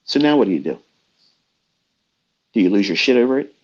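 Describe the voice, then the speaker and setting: A man's voice: fairly low pitch, very animated, brisk, darkish tone. A middle-aged man talking as a trading mentor in a blunt, profane, preachy rant. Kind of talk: unscripted rant. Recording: dull lo-fi audio.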